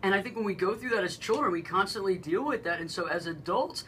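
Low-voiced woman, bright and animated. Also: fast talker, slight background noise, low-quality recording. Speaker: radio co-host. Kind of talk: casual radio talk.

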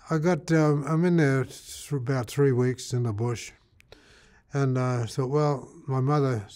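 A man's voice: mid-range voice, a little mellow. An older man from Australia, an interviewee telling his life story in a rambling way, full of fillers and repeated words.

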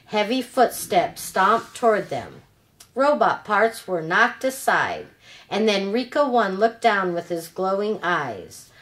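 A woman reading a children's novel aloud as a storyteller, in a slow, deliberate telling. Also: medium pitch, big pitch swings, fairly bright tone.

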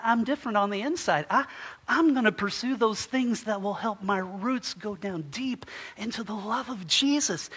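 A male pastor preaching a sermon and telling a story, swinging from loud and lively to soft and hushed, often restarting his words. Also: very high voice, slightly rough.

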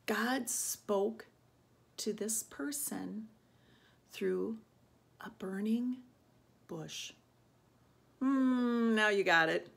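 Slow, breathy Sunday school teacher woman. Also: on the high side. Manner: friendly and coaxing, often asks "right?". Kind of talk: casual children's Bible lesson. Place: church.

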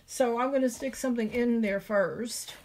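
A middle-aged woman with a Southern drawl hosts a homemade craft tutorial. Her voice sits a little high, and she chats along as she works, thinking aloud about each step. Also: moderate pace, darkish tone. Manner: chatty, thinks aloud while drawing. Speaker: craft video host.

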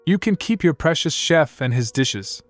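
A man voicing a cool, sharp-tongued young empress with a dry, mocking tone. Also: on the high side, lively intonation, moderate pace, no room sound, soft background music, pitched above the performer's own voice, lightly acted.

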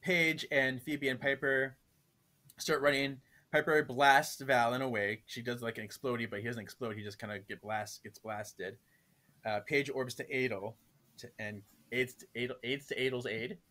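A man's voice: mid-range voice, fairly even intonation, normal speed, pushed and bright. Giggly man retelling a comic plot. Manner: laughs often, loose storytelling with fillers. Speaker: podcast guest. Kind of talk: casual chat, recapping a comic.

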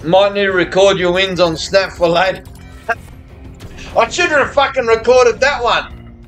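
Tipsy, swearing man with a high voice. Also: measured pace, fairly bright tone, faint music behind. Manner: rambling, heavy swearing, chatty with viewers. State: tipsy, slurring a little after beers. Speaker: streamer. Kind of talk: live gambling stream chat. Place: hotel or home room abroad.

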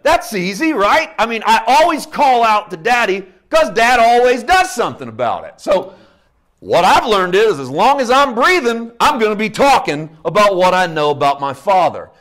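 A middle-aged man preaching a sermon, dropping into hushed low asides and rising to loud emphatic peaks. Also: sing-song, normal speed. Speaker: pastor.

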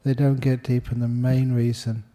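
A man's voice: mid-range voice, flat delivery, moderate pace, dark tone. A monk giving a humorous dharma talk, jokey and self-deprecating, laughing at his own jokes. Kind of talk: humorous spoken sermon.

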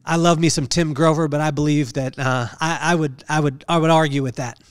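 A man's voice: a little high, steady tone, brisk, clear, resonant tone, dry recording. A man hosting a podcast, telling a personal story in an earnest, preacher-like way and repeating phrases for emphasis. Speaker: podcast host.

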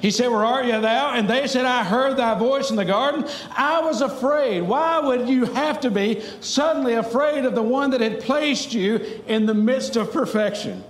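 A preacher with a notably high voice delivers an earnest, pleading sermon, easing into family stories with a wry humor. His words ring around a reverberant church sanctuary. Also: normal speed, hardly any pauses, slight background noise.

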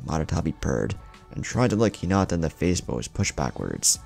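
Male story narrator, very low and gravelly, faint music bed. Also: big pitch swings, quick pace, a little mellow. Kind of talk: scripted narration.

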